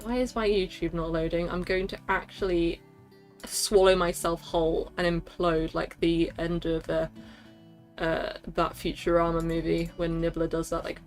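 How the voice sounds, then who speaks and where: A woman's voice: fairly low pitch, level tone, moderate pace, faint music behind. A woman streaming live, chatting casually with a scattered, self-interrupting manner and frequent laughter. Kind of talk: casual livestream chat.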